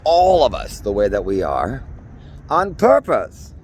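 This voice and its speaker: A man in his forties from Minnesota, a vlogger, delivers a theatrical, campy, rambling improvised comedy monologue as he walks city streets outdoors. His lowish, mellow voice swings hugely in pitch at a normal speed, with slight background noise.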